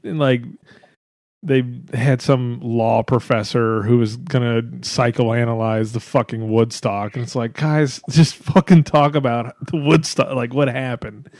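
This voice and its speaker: A young man hosting a casual podcast chat, rambling and swearing freely, breaking into quick impressions. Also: mid-range voice, fairly even intonation, darkish tone, dry recording. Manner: rambling, profane, laughing, doing quick voices. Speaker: podcast host.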